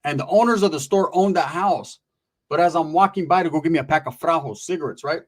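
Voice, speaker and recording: A man's voice: a little high, quick pace. Streetwise man. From Merced area, California. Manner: streetwise, slangy, profane. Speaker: storyteller. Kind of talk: casual storytelling.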